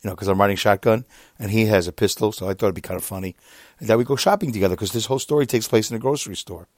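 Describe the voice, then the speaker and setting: A man's voice: very fast, dry recording. Exasperated man in his fifties, dry sound. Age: 50s. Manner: animated, exasperated, with sudden jumps up in pitch; reads out messages. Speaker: podcaster. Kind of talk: casual monologue retelling an online argument.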